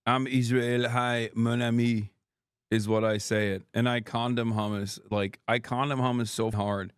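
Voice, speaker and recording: A male streamer reacting to clips in sarcastic, mocking casual talk. His voice is smooth and clear, with a close and dry sound and no room around it. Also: mid-range voice, level tone, unhurried, dry recording. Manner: sarcastic, mocking, laughs often. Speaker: streamer host. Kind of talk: livestream reaction commentary.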